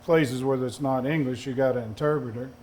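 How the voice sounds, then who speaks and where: A man's voice: medium pitch, steady tone, a little fast, a little mellow, slight background noise. A man chatting casually on a panel, easygoing and brief. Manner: easygoing, short agreeing interjections. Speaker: distiller panelist.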